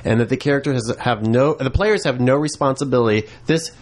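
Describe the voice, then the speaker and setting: A man's voice: mid-range voice, brisk. A man co-hosting a casual roundtable chat about role-playing games, talking hesitantly with many "uh" and "you know" fillers. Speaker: podcast co-host.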